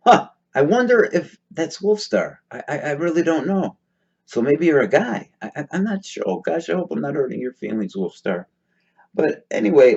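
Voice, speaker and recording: A man's voice: lowish voice, a little mellow. Sarcastic man muttering over lo-fi audio. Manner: sarcastic, mutters asides between read-out comments; frequent hesitant fillers and restarts. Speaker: host reading out live-stream chat comments. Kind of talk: casual commentary.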